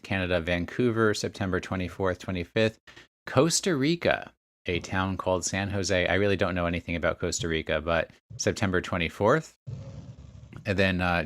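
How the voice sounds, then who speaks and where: A man's voice: low-pitched, fairly bright tone, no echo. A man hosting a casual podcast, reading out a list of places and dates with chatty asides. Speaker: podcast host.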